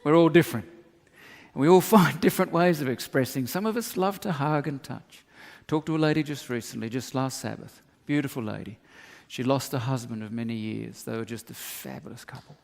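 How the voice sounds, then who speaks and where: A middle-aged Australian man preaching a sermon as pastor, telling animated stories with humorous asides. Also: medium pitch, a little fast, creaky. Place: church hall. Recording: long reverb of a church hall.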